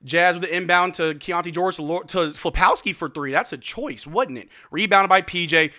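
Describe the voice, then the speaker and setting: A man hosting a live stream watch-along, giving excitable play-by-play of the game with slang and calling out to his chat from an indoor room. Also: high voice, normal speed, hardly any pauses.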